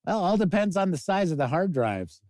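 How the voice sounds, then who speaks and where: A man's voice: high voice, very animated, normal speed, darkish tone, no room sound. Chatty man hosting a gaming news stream. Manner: chatty, reads news then riffs on it, answers chat comments. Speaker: host of a tabletop gaming news show. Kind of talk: casual live-stream news commentary.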